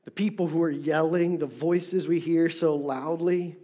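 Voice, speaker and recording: A middle-aged man preaches with a voice set a little high for a man. He leans hard into repeated phrases for emphasis. His delivery swings between loud, stressed lines and hushed, near-whispered ones. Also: steady tone, measured pace. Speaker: pastor. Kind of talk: sermon.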